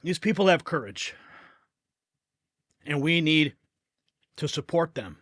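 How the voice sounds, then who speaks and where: A man hosts a live political stream, reacting fervently and emotionally to the clips he plays. His voice is bright and forceful, and it sits a touch above the usual male pitch. The sound is close and dry. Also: expressive, slow, no echo. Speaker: political news host.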